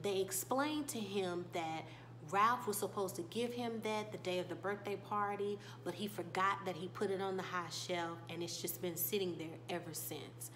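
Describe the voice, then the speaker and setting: A young woman reviews a TV show in a casual recap vlog, gossiping animatedly about the episode and tossing in laughing asides. Recorded on a desk microphone with a little hiss or hum, her voice is mid-range, a bit bright, and at normal speed.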